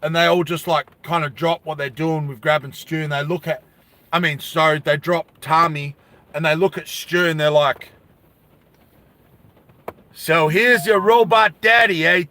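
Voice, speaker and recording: A man telling a story in a casual vlog, animated, with asides to his viewers. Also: fairly high pitch, normal speed.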